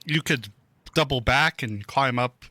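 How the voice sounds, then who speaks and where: A man's voice: mid-range voice, measured pace, bright, forceful tone, dry recording. A man running a tabletop roleplaying game as game master, easygoing and often laughing.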